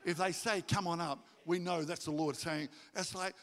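A man preaching a sermon to his congregation, animated and jokey, acting out stories in high voices. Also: normal speed. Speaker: pastor. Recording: reverberant hall.

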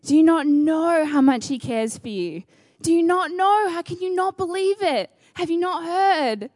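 High-voiced woman preaching a sermon. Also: expressive, unhurried, a little mellow, dry recording. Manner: earnest, conversational, with playful asides.

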